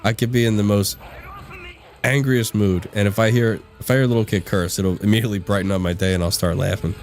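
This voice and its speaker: A man's voice: lowish voice, steady tone, fast, darkish tone. A man hosting a live gaming stream, chatting casually with his viewers, laughing often and answering the chat as he plays. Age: adult. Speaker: livestream gaming host.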